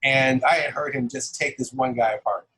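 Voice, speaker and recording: A comic book artist in middle age is a relaxed interview guest, speaking at a medium pitch and moderate pace, though the audio is poor. He tells anecdotes animatedly, with chuckles throughout.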